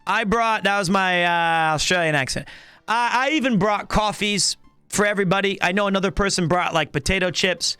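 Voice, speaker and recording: A man in his thirties chatting casually on a live stream, animated and rambling with lots of restarts. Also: high voice, normal speed, clear, resonant tone, no room sound, faint music behind. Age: 30s.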